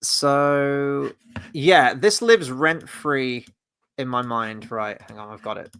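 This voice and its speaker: A man hosting a casual review chat, animated and rambling, swearing freely as he talks. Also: mid-range voice. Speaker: host.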